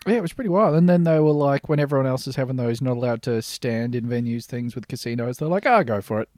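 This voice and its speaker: A man's voice: medium pitch, quick pace, mellow. A man co-hosting a podcast, chatting casually, swearing freely and reading news articles aloud. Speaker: podcast co-host.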